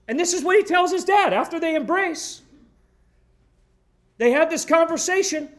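A man's voice: very high-pitched, lively intonation, normal speed, pauses often. A man preaching a sermon in an emphatic, storytelling way, addressing his congregation. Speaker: pastor.

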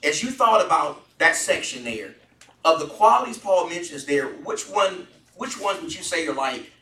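A man leads a Bible study with a bright, forceful voice that sits a little high for a man. He earnestly puts questions to the group. The sound is roomy, caught from a distance. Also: expressive, moderate pace. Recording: echoey room from far off.

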